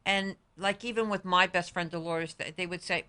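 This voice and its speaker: A woman's voice: lowish voice, steady tone, a little fast, hardly any pauses, bright, forceful tone, smooth. A woman hosting a talk show, asking earnest questions and telling family stories in casual chat. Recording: 2012 public-access talk show studio.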